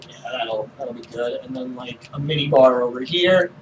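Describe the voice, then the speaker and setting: A man running a tabletop role-playing game, describing the scene in an unhurried, hesitant way with many fillers. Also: medium pitch. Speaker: game master. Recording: distant mic with faint noise.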